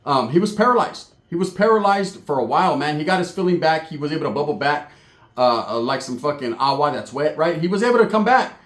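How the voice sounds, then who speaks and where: Profane, animated male storyteller in echoey room. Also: fairly high pitch, fast talker. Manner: profane, animated, mixes in Spanish words. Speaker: storyteller host. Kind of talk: crude comic storytelling.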